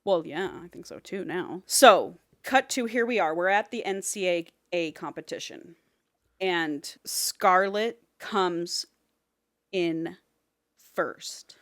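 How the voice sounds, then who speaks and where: A woman's voice: on the low side, takes it slowly, no echo, studio quality. A woman co-hosting a casual podcast, animatedly retelling a novel's plot and acting out the characters' lines. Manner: animated storytelling with quoted characters. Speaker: podcast co-host.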